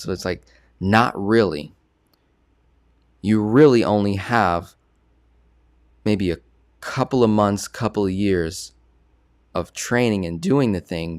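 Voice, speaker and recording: A man with a fairly low voice talks in a loose, conversational way and leans on repetition to drive a point home. The sound is dry and close, with no room around it. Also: lively intonation, slow pace, pauses often, darkish tone, no room sound. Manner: conversational, repeats words for emphasis. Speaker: host. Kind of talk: casual live-stream chat.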